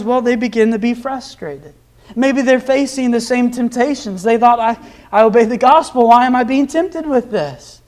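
Young male preacher, very high voice, earnest sermon delivery, pushes harder on scripture readings. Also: a little mellow. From Nebraska, USA. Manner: earnest, rises in emphasis when quoting scripture.

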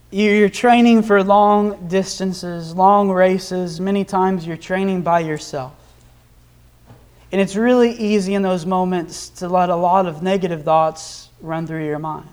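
A man's voice: high voice, takes it slowly, a little mellow, clean tone. A young man from Nebraska preaching a sermon, earnest and lifting his voice when he reads scripture. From Nebraska, USA. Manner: earnest, rises in emphasis when quoting scripture.

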